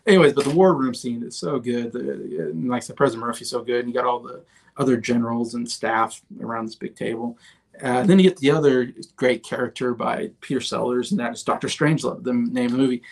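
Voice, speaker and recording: Rambling man with a gravelly voice. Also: medium pitch, steady tone, brisk. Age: 30s. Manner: rambling, chatty, laughs often, many fillers and restarts. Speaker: host. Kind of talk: casual movie review livestream.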